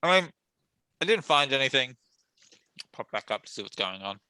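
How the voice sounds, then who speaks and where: Bright-voiced guy joking at a tabletop game, dry close sound. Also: medium pitch, very animated, clear, resonant tone, no echo. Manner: joking, quick reactions. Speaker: player.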